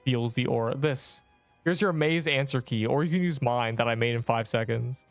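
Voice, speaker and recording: A hoarse young man casually chatting and joking while live-streaming a game. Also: medium pitch, no echo, faint music behind. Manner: joking, chatty, quick to laugh.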